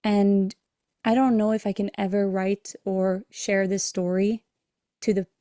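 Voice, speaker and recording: A woman's voice: mid-range voice, flat delivery, unhurried, mellow, no echo, clean studio sound. A woman hosting a podcast, telling an emotional personal story in an earnest way and acting out the dialogue in it. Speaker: podcast host and breathwork coach.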